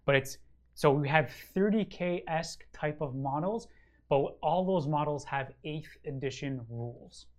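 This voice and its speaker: A man's voice: a little high, unhurried, a little mellow. A man co-hosting a casual wargaming chat show, answering a listener's question in a rambling, enthusiastic way full of ums and uhs. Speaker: regular co-host of a wargaming show.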